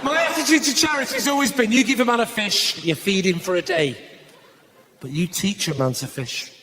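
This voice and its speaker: A man with a Northern English accent doing live stand-up comedy in a theatre, chatting with the audience and shouting his punchlines. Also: high-pitched, fairly quick. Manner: animated, shouting punchlines, acting out voices. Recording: live theatre recording with faint room noise.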